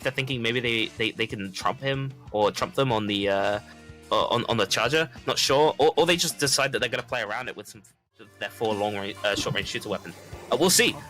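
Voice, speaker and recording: Guy doing esports commentary, bright voice, stumbles over words, faint music behind. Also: medium pitch. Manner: rapid, repeats words, chatty.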